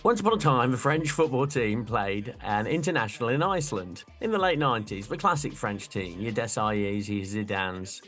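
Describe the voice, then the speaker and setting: A middle-aged man co-hosting a casual chat, animated and jokey, often breaking into laughter. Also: medium pitch, moderate pace, few pauses, faint music behind. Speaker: podcast co-host.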